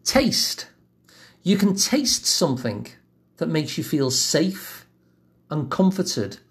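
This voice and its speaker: A man giving a calm self-help lesson in a gentle, measured, reassuring way. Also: a little high. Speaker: wellbeing teacher.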